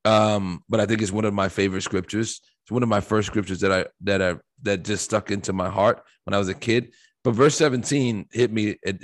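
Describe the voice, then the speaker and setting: A man with a mid-range voice talks on a faith podcast in an animated, preacher-like way. He presses his points with rhetorical questions, and his tone is emphatic and conversational. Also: mid-range voice. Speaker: podcast co-host. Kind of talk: preaching-style faith discussion.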